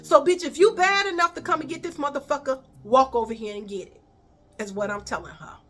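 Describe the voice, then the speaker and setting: Brief: Chicago woman, high voice, animated, swearing storyteller, faint music behind. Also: brisk. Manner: animated, profane, addresses viewers as y'all. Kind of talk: storytime vlog.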